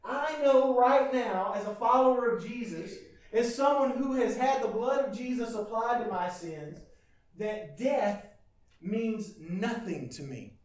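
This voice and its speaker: A man preaching a sermon as pastor, animated and calling out questions to his congregation. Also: very high voice, unhurried. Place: church hall. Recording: echoey church room, mic from a distance.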